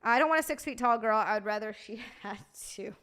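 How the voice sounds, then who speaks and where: Young woman streamer, casual chat with viewers, swears freely, bubbly, voice sits a bit high. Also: a little fast, fairly bright tone. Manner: profane, bubbly banter. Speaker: live streamer.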